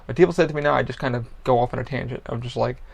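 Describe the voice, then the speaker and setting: Male podcast host, gravelly, blunt and profane, rambling casual monologue. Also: mid-range voice, rapid-fire.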